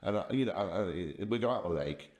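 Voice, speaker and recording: With a low, darkish voice and lively intonation, a fast-talking older man shares rambling business anecdotes. He's a software company founder guesting on a podcast, telling stories casually with plenty of restarts.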